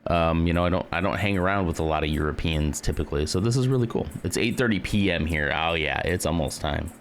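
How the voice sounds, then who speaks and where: A man's voice: sits low, fast, slight background noise. A man from the United States hosting a live stream, chatting casually and greeting viewers by name. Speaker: livestream host.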